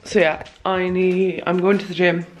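A rough recording captures a young Irish vlogger in her twenties talking to her phone camera with rambling, casual chatter peppered with "lads" and "like." Her voice is fairly low with little pitch movement at a moderate pace, and faint music plays underneath.

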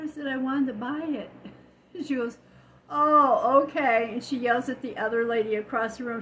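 A woman's voice: fairly high pitch, a little hiss or hum, poor audio. An older woman casually chatting at home as a vlogger, telling stories and laughing often. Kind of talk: casual chat.

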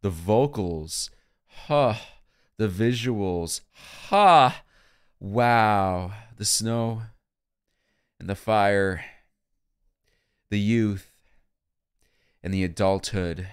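A man's voice: lowish voice, very slow, long pauses, clean tone. A man hosting a music video reaction, gushing and emotional, exclaiming and singing along, with faint music behind him.

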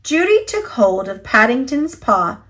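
A woman reading a children's picture book aloud in a slow, expressive storytelling voice. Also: fairly high pitch. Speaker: storybook reader. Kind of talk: children's read-aloud narration.

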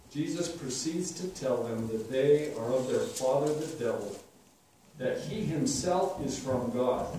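A man preaching a sermon, expounding scripture slowly and deliberately with emphatic declarations. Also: on the high side, warm tone, a little hiss or hum. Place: church sanctuary. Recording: echoey hall, distant mic, faint ambience.

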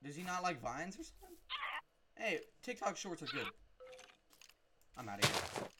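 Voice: medium pitch, huge pitch swings, moderate pace, heavy background noise. A gamer giving jumpy, unscripted let's-play commentary while talking to the game.

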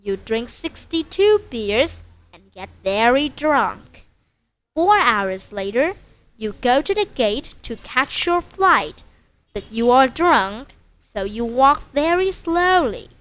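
A woman teacher narrating a simple story slowly and clearly for English learners. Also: fairly high pitch. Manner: slow, clear, expressive storytelling.

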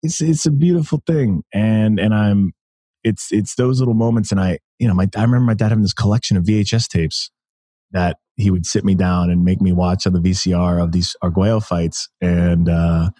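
An American man in his thirties, a podcast guest telling stories in an animated way, laughing often and restarting his sentences. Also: low-pitched, brisk, no room sound, studio quality. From United States. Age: 30s. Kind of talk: casual interview conversation.

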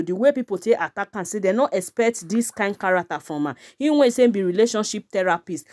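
A woman's voice: medium pitch, darkish tone, no echo, clean studio sound. A woman with a Nigerian Pidgin English accent hosting a celebrity gossip channel, chatting casually and calling out to her viewers again and again. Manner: chatty, repeatedly addressing her audience.

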